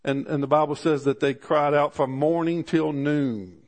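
A man preaching a sermon, animated and rising in pitch for emphasis, often restarting his phrases. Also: normal speed. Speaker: pastor.

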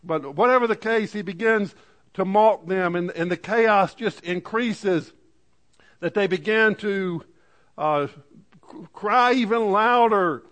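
A man preaching to a congregation, reading scripture dramatically with lively asides and stammered restarts. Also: high-pitched, slow. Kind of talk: sermon. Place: church in front of a congregation.

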